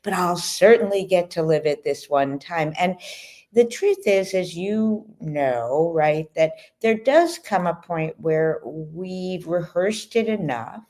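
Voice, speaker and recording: A woman, an author appearing as a guest, explaining ideas in a calm, measured way. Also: lowish voice. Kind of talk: thoughtful explanation.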